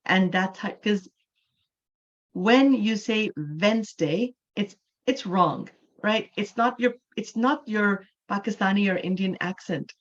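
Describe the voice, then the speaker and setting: A woman's voice: medium pitch, unhurried. Female English teacher from Canada, mid-range voice, explanatory and checks in with "right?"; muffled online-class sound.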